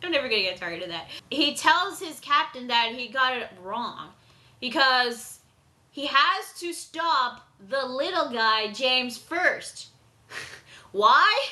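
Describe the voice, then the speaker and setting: A woman reviewing a manga chapter in a casual vlog, excitable, laughing and swearing. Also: high-pitched, slow. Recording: echoey room.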